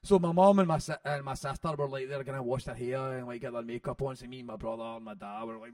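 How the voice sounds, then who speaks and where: A man, an author telling stories about his father in an interview, animated and swearing freely. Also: mid-range voice, fast talker, few pauses, no room sound. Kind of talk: storytelling in an interview. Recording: dry sound from a distant mic.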